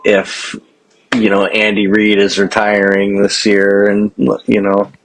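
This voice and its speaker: A man's voice: fairly low pitch, completely flat delivery, slow pace, low-quality recording. A man from Chicago with a Chicago accent, co-hosting a podcast and chatting emphatically about football. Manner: emphatic, laughing often. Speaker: podcast co-host. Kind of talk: casual sports chat.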